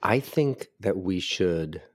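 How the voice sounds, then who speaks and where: A man's voice: deep voice, animated, slow, dry recording, studio quality. A man playing as a guest in a game, chatting casually in a playful, eager, joking way. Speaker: guest player.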